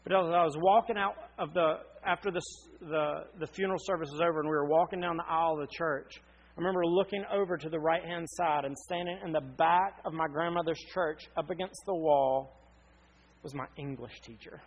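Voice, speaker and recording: Male pastor preaching, husky voice, fairly high-pitched, earnest and emphatic. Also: brisk, lo-fi sound. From North Carolina, US. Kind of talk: sermon.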